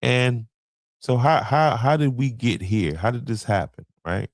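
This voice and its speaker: A podcast host runs through a list in casual commentary, speaking in loose slang and tripping over names. His medium-pitched voice is animated but measured in pace, with no echo on the recording.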